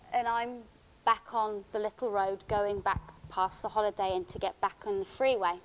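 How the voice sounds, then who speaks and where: A woman speaks at a conference. She tells a personal account in a halting, emotional way, restarting her sentences often. Her voice sits at an ordinary middle pitch. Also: a bit bright, rough recording. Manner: halting, emotional storytelling with many restarts and fillers. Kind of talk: first-person account given as a conference talk. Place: conference hall.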